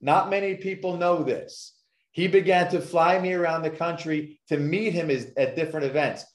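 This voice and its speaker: A man's voice: on the high side, fairly even intonation, moderate pace. A man who is a success coach, telling his story as a guest on a podcast in an emphatic way and repeating points for effect. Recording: echoey room.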